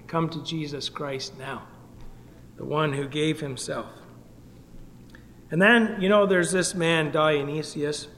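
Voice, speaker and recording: A man from Canada preaching an earnest gospel sermon, pleading with his listeners and swinging between loud and soft. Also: on the high side, big-room sound. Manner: earnest, pleading, rises and drops in volume. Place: meeting hall.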